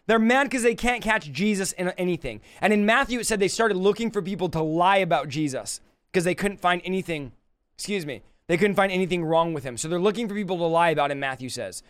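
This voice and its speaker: Man, Bible teaching, colloquial, animated paraphrasing, high-pitched. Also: fast, smooth. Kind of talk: casual verse-by-verse Bible teaching. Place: livestream.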